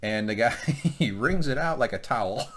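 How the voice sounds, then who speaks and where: A man's voice: mid-range voice, normal speed, slight background noise. A man co-hosting a casual TV episode recap, joking and swearing freely. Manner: joking, profane, animated. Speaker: podcast co-host.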